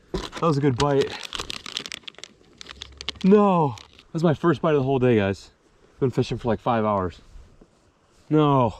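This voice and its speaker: A young man vlogging while fishing from a boat on a small lake, excitable and self-mocking, swearing often. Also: mid-range voice, measured pace, pauses often, dull audio. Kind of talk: casual vlog talk to camera. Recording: outdoor wind and engine noise.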